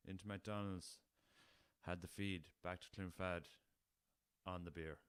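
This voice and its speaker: A man's voice: sits low, fairly even intonation, unhurried, fairly bright tone, smooth, no echo. An Irish man hosting a casual solo podcast, rambling through a story and swearing freely, recorded on a laptop. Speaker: podcast host.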